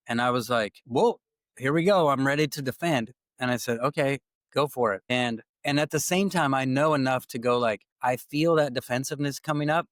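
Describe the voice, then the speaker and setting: A man hosts a podcast in a relaxed, talky way, telling stories and slipping into the voices of the people he quotes. His voice sits at a middle pitch. It is recorded close and dry, with no room around it. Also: no echo. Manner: animated storytelling, acting out quoted dialogue. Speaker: podcast host. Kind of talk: casual conversational podcast talk.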